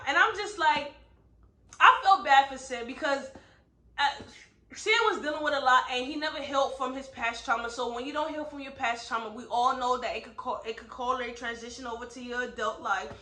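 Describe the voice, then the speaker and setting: Woman doing a casual book review vlog, high voice, lots of "like" and "right?", echoey room. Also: brisk, pushed and bright. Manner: emphatic, heavy use of "like" and "right?".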